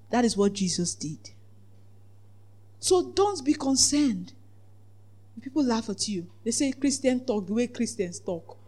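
A preacher giving a lively sermon, acting out the voices in the story, laughing often and asking the congregation whether they follow. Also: medium pitch. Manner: asks the congregation "Are we together?".

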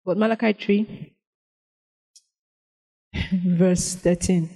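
A woman preaching a sermon, reading scripture slowly and then pressing her points with animated emphasis. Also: lowish voice, slightly rough, rough recording.

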